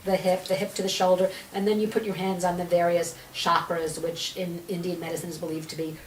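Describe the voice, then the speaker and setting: A woman's voice: fairly low pitch, a little fast, slight background noise. A woman guest in a podcast interview, telling a story with energy and acting out the dialogue she quotes. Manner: lively storyteller who acts out quoted dialogue. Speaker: guest, energy healer and author. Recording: echoey room, voice a little far from the mic.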